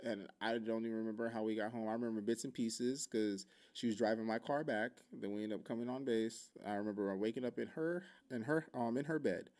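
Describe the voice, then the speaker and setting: A man's voice: medium pitch, a little fast, hardly any pauses, a little mellow. A man hosting his own podcast, talking frankly and rambling, with heavy swearing and candid personal stories. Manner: rambling with self-interruptions. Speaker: podcast host. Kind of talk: casual solo podcast talk.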